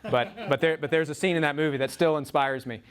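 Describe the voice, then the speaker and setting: A man preaching a sermon, telling a story with frequent restarts and repeated words, his pitch rising on emphasized words. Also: fairly quick.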